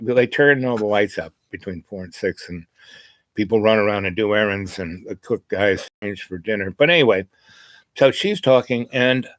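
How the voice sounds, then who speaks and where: A man's voice: lowish voice, a bit bright, no echo. A man telling a meandering personal story in a casual vlog, full of "you know" asides. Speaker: spiritual vlogger.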